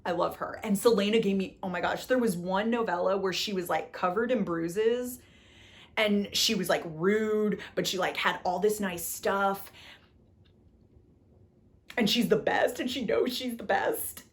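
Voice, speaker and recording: A young woman talks through her recent reads in a loose, chatty way at home. She gushes and fumes by turns, circles back to the same phrases, and fills her talk with "like". Her voice sits at an ordinary middle pitch for a woman. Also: unhurried. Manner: gushing and exasperated, repeats herself, lots of "like". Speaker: book vlogger. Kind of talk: casual book review chat.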